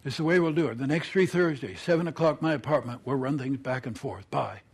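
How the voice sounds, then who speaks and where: A man voicing a determined young woman science student, brisk and matter-of-fact, in a told story. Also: mid-range voice, breathy edge, voice pushed down.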